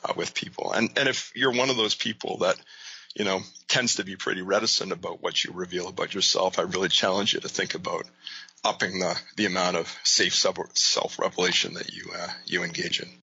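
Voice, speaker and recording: Brief: male interview guest, very low voice, bright and husky, thoughtful explainer, dull lo-fi sound. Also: little pitch movement, a little fast. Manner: thoughtful, explanatory, with many "you know" and "right?". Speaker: guest, leadership author and coach. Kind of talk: casual interview talk.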